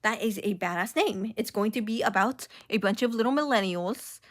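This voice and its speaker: A woman's voice: mid-range voice, moderate pace, no room sound, studio quality. A young woman giving a sarcastic, casual commentary rant full of filler words. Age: young adult. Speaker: commentary YouTuber.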